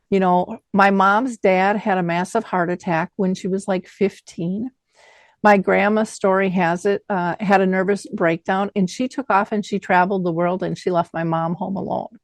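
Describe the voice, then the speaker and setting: A woman's voice: medium pitch, normal speed, dry recording. Woman host chatting, acts out the quotes in her stories, dry close sound. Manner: animated storyteller acting out quotes. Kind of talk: conversational interview.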